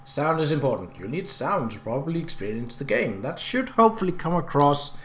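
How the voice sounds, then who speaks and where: A man casually commenting on a video game as he plays, hesitant and halting, with frequent ums and restarts. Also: on the high side, very animated, background noise. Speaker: let's play gamer. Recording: echoey room.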